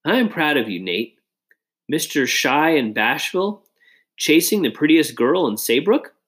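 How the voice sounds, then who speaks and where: A man's voice: fairly high pitch, animated, measured pace, fairly bright tone, voice pushed up. A man doing a teasing, chatty young boy. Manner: teasing, pushy questions. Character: teasing chatty boy, Nate's best friend.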